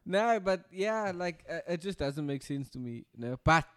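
A man's voice: on the high side, lively intonation, normal speed, a bit bright, clean tone, dry recording, clean studio sound. A young man in casual podcast chat, laid-back and hesitant, full of fillers and playful questions. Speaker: podcast co-host.

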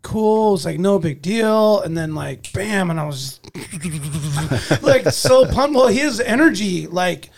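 Man with a high, gravelly voice; animated storyteller in casual chat. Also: slow pace. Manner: animated, swings loud and soft while acting out moments.

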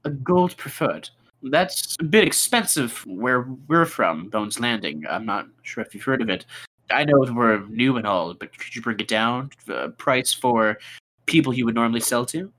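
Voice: medium pitch, moderate pace. A player joking and bargaining in a casual tabletop game. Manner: joking, lively.

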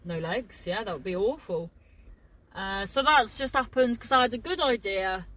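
A woman talks to the camera in loose, casual chat. She rambles, swears freely and drops thoughts halfway to start new ones. Her voice sits at an ordinary pitch for a woman. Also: expressive, moderate pace, a bit bright, low-quality recording. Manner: rambling, chatty and sweary, trailing off mid-sentence. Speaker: vlogger.

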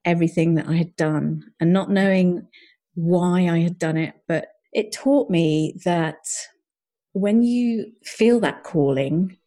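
Middle-aged female coach, podcast guest; low, mellow, earnest storyteller. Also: takes it slowly. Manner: earnest, reflective, often quotes her own thoughts. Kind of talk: personal storytelling.

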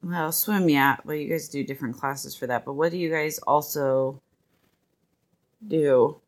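Laughing woman podcast host, lowish voice. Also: measured pace. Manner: playful, laughs often. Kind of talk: casual chat.

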